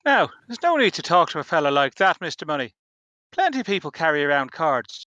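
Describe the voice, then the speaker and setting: A man's voice: fairly high pitch, very animated, brisk, bright, forceful tone, no echo, dull audio. A man playing a tabletop game in character, folksy and playful in his banter. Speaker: player.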